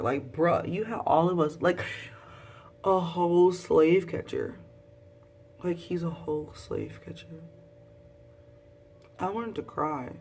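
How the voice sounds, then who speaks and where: A young woman, recapping a TV show in a casual, dramatic vlog with high exclaims. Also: slow pace, pauses often, darkish tone, slightly rough, distant mic. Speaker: vlogger.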